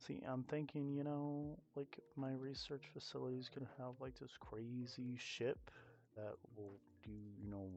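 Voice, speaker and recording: Male gaming creator, lower voice, chatty and digressive play-by-play, faint background music. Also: vocal fry, a little mellow, highs cut off. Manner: chatty, digressive, self-mocking, many fillers. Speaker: gaming YouTuber. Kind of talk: rambling let's-play commentary.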